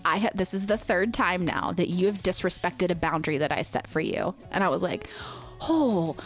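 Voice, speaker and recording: A woman's voice: fairly low pitch, a little fast, soft background music. Chatty woman podcast host telling stories. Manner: chatty storyteller, animated quoting, laughs often. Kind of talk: casual chat.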